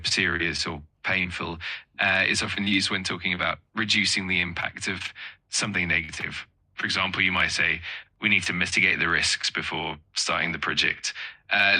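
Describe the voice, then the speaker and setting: A man's voice: deep voice, bright, forceful tone, husky, low-quality recording. A man tutoring English vocabulary, explaining word meanings patiently and encouraging the learner. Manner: encouraging, upbeat, offers more help.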